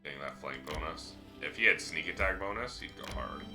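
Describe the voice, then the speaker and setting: A man's voice: rumbling low, lively intonation, brisk, music in the background. A male streamer giving casual, offhand gameplay commentary and swearing freely. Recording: noisy home stream recording.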